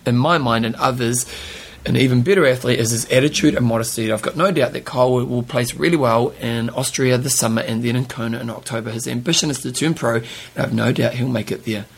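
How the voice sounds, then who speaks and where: Casual co-host: man, husky gravelly voice, laughs a lot, reads notes aloud. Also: mid-range voice, fairly even intonation, fast, hardly any pauses. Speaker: podcast co-host. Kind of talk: casual chat.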